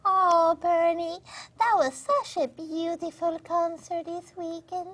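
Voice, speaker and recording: A performer voicing a sentimental female bear puppet who gushes in a breathy, drawn-out way. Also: extremely high pitch, fairly even intonation, fairly bright tone, full character voice. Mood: gushing.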